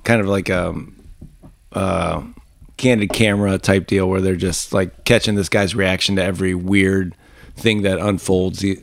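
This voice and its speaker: A man's voice: low voice, steady tone, vocal fry. A man co-hosting a podcast, retelling a show in casual chat with many "uh" and "um" and frequent laughs. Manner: laughing, halting, filler-heavy retelling. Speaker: podcast co-host.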